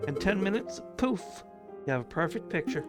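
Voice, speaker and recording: A man voicing a naive young noble bird lady in a put-on French accent, talking in a high, girlish way. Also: very animated, unhurried, over loud music. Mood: naive, chatty.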